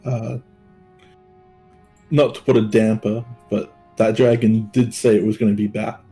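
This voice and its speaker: A man's voice: lowish voice, level tone, a little slow, dark tone, soft background music. A man playing a tabletop game, making a cautious, dry suggestion to the party. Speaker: player.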